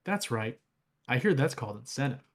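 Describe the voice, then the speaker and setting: A man's voice: mid-range voice, animated, a little fast, close to an everyday voice. A man voicing a sarcastic female ship AI in a dry, teasing way while reading game lore aloud. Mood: sly.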